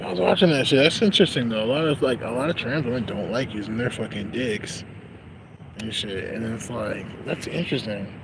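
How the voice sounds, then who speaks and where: A man's voice: mid-range voice, fairly quick, background noise. A young man talking in a casual, rambling monologue, slangy and profane, laughing often. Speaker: vlogger.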